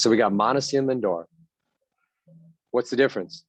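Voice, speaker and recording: A man's voice: medium pitch, fairly quick, pauses often, breathy edge, no room sound, rough recording. A man giving a motivational talk to baseball players as their mental coach, punchy and repetitive, having them chant mantras.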